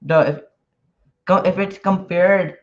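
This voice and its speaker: A man's voice: high voice, fairly even intonation, slow pace. A man chatting casually on a livestream while he works, sounding nervous and hesitant, with frequent restarts and filler words. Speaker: podcaster and newsletter writer. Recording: dull lo-fi stream audio.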